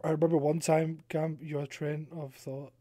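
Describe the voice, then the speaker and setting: A young man hosting a podcast, telling stories in a lively, animated way, acting out what people said and laughing often. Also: on the high side, normal speed, no echo. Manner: animated storytelling, acting out quotes, laughs a lot. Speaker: podcast host and streamer. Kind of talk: casual chat.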